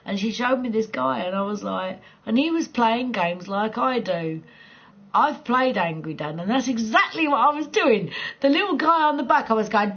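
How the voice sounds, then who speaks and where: A woman's voice: on the high side, expressive, normal speed, fairly bright tone, lo-fi sound. A middle-aged woman chatting casually with viewers on her live gaming stream, rambling, laughing often and swearing freely.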